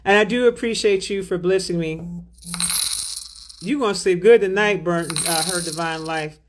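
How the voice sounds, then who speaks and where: Woman, livestream host, spiritual healer; relaxed drawl, affectionate, reads chat aloud. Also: on the low side, normal speed, slight background noise. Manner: drawling, affectionate, calls viewers baby and beloved. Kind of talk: livestream chat, reading out viewer donations.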